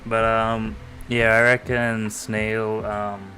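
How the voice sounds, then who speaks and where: A man chatting quietly on a live stream, keeping his voice soft because of a sore throat. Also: on the low side, monotone, slow pace, a little hiss or hum. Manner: soft-spoken, near-ASMR quiet talk. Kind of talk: casual stream chat. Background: faint lo-fi music.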